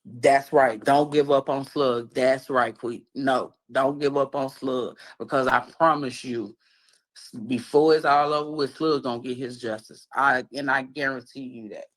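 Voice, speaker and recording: A man's voice: medium pitch, fairly even intonation, measured pace, fairly bright tone, low-quality recording. A man with a Chicago accent talks on a livestream in an earnest, pleading and blunt way. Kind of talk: livestream talk.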